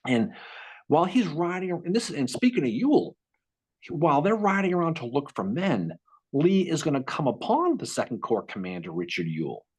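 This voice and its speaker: A man co-hosting a casual history podcast, telling the story with lively restarts and repeated words. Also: a little high, normal speed, slightly rough. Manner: animated, repeats words while thinking, acts out quotes. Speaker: podcast co-host.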